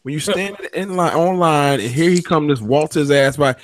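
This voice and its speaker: A man's voice: a little high, moderate pace. A man co-hosting a casual podcast chat, reacting emphatically and telling stories. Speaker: podcast co-host.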